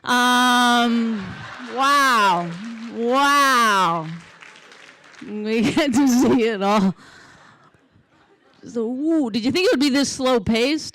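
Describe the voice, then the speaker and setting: A Canadian woman doing a stand-up comedy set on stage, deadpan and chatty with the crowd. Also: fairly high pitch, extremely slow, long pauses, poor audio. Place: theater stage before a live audience.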